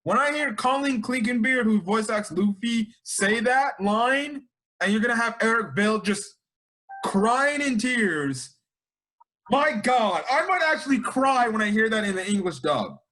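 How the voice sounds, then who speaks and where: High, lively excitable man reviewing anime. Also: measured pace. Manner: excitable, slangy, rambling with many restarts. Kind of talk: casual chat.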